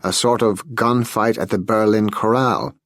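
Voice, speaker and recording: A man's voice: on the low side, steady tone, measured pace, a bit bright, dry recording, clean studio sound, pitched above the performer's own voice. A man reading an audiobook voices a talkative, self-assured male party economist who lectures with confidence. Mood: lecturing.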